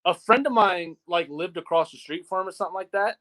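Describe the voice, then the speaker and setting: Rambling man with a fairly high voice. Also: fast talker, a bit bright. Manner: rambling, fills with "like" constantly. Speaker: co-host of a wrestling watch-along. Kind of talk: casual chat.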